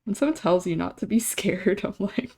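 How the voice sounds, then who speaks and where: A woman's voice: medium pitch, expressive, moderate pace, mellow, slightly rough. A young adult woman streamer chatting casually while she draws, telling a rambling story and laughing often.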